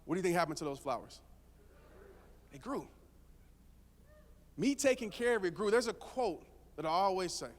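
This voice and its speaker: A man's voice: high-pitched, expressive, normal speed, pauses often. A man giving a motivational speech to a live audience, telling a story casually and joking with the crowd. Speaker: motivational speaker. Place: stage before a live audience. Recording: long hall reverb.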